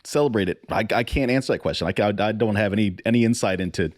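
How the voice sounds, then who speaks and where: A man co-hosting a podcast in casual chat, animated and profane, laughing often. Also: lowish voice, quick pace, no room sound, studio quality. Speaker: podcast co-host.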